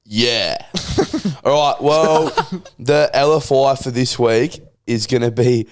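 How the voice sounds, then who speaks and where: A man's voice: mid-range voice, slow pace, smooth. Young man, joking co-host, crude banter. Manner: joking, swearing, laughs at own jokes. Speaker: podcast co-host. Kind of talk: casual banter.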